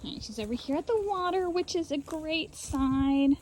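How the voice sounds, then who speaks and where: A woman's voice: expressive, moderate pace, a little mellow, a little hiss or hum. Chatty woman vlogging among her sheep. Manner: chatty, coaxing animals in a high sing-song. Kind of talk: casual farm vlog. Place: outdoors in a sheep pen. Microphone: handheld camera while working.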